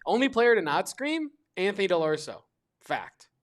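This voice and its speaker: A man hosting a sports talk show, chatty, jumping in with quick asides. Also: high-pitched, very animated.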